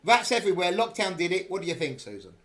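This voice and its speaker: A man's voice: on the high side, sing-song, fast talker. A man hosting a casual podcast panel, teasing his guests and reading out news items. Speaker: podcast host.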